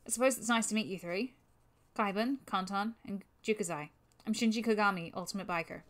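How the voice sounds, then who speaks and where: A woman's voice: mid-range voice, fairly quick, fairly bright tone, natural voice. A woman voicing a level-headed young male biker who talks firmly and matter-of-factly. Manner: firm and matter-of-fact. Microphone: new microphone.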